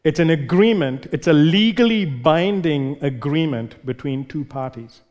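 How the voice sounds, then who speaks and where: A male pastor preaching in a sermon, pressing each point by repeating his words. His voice sits a little on the high side for a man, and it rings out with the long reverb of a large hall. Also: lively intonation, unhurried, darkish tone. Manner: emphatic, repeats words for stress.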